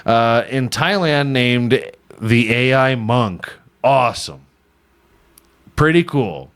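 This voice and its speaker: Male podcast host, casual comedic riffing, irreverent and profane, very animated pitch. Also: takes it slowly, clean tone. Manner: irreverent, swears often, laughs at own jokes.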